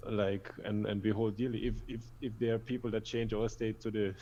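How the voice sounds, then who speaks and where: A man's voice: fairly low pitch, little pitch movement, brisk, dull audio, crowd noise. A man co-hosting a casual podcast chat, reflective and hesitant, often repeating words as he thinks.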